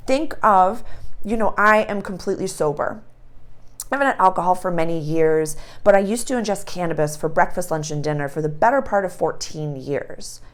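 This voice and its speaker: A woman hosting an astrology channel, talking in a casual, animated spiritual monologue and acting out little scenes. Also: lowish voice, normal speed. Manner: animated storytelling, acts out voices.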